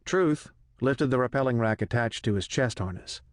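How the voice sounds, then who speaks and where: A man narrates a thriller audiobook in a measured, even storytelling voice at a mid pitch. He is recorded close on a studio mic in a dead, dry room. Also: no room sound.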